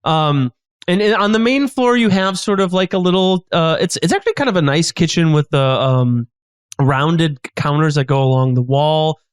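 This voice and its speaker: Brief: high-pitched male improviser, rambling scene description with lots of ums. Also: lively intonation, normal speed, clear, resonant tone, no room sound, studio quality. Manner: rambling, many fillers and restarts. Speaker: improv comedian guest.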